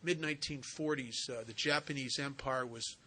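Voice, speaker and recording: A man's voice: mid-range voice, moderate pace, pushed and bright. A man speaking at a recovery retreat, telling earnest stories in a conversational way. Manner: earnest, conversational with vivid asides. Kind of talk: personal storytelling talk. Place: retreat center talk.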